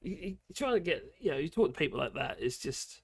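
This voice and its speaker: Hoarse, croaky man ranting. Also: a little high, big pitch swings. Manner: opinionated, rambling, colloquial, halting with fillers. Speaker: live-stream political commentator. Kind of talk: casual rambling commentary.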